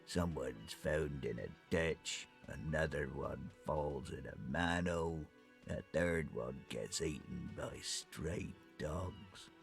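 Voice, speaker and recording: An actor playing a sleepy, evasive union dock worker in a video game, talking in a laconic, dismissive way. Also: male voice, extremely low pitch, takes it slowly, vocal fry, faint music behind, heavily acted.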